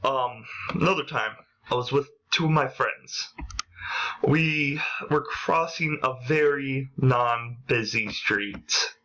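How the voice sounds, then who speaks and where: Young male vlogger, unhurried storyteller, bright and forceful tone, acts out lines. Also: mid-range voice, rough recording. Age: young adult. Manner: animated, acts out quotes in a raised voice. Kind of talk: casual storytelling vlog.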